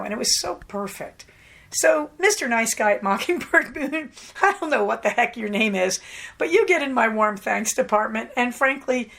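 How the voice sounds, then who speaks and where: A woman hosting a podcast, telling a story in a casual monologue, animated and laughing often, acting out the voices of the people she quotes. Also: a little high, vocal fry. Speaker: podcast host.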